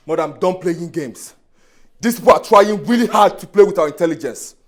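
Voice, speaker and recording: A man's voice: high voice, fairly quick. An actor with a Nigerian accent playing a defiant young man who threatens to burn down the palace. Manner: threatening and emphatic. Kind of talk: Nollywood film acting.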